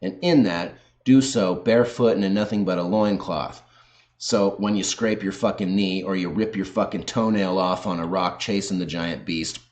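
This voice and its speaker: A man with a lowish voice rants at his viewers in combative commentary. He is sarcastic and swears constantly as he argues his points. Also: darkish tone. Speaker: video host. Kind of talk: profane ranting commentary.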